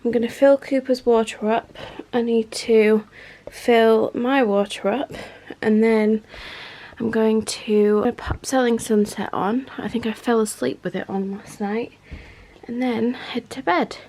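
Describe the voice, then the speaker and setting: A young woman vlogging at home in a chatty, excitable way, then giving a calm advice chat. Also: fairly high pitch, unhurried, a little hiss or hum. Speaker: lifestyle vlogger. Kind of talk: casual vlog narration. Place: cosy home living room.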